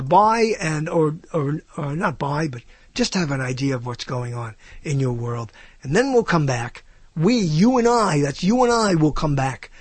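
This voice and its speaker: A man's voice: on the high side, husky, no room sound. A man hosting a radio show alone, talking in a rambling, digressive, self-mocking way. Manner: digressive, self-mocking, puts on silly voices. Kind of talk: rambling solo radio talk.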